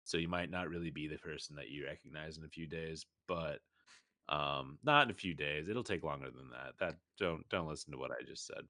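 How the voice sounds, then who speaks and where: A man's voice: rumbling low, fairly quick, pushed and bright, no room sound, studio quality. A man playing in a tabletop game, talking casually and rambling a bit. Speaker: player.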